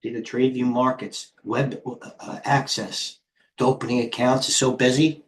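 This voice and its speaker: His medium-pitched voice moves little in pitch and keeps a normal speed. The speaker, in his 50s, runs a live trading stream with brash, rambling, casual market talk, reading chat aloud and letting swear words out.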